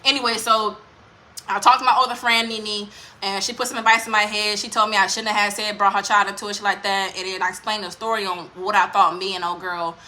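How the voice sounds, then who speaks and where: A woman's voice: medium pitch, flat delivery, brisk, pushed and bright. A woman vlogger telling a personal story in a candid, rambling way, with lots of swearing and fillers. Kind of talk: casual storytime monologue.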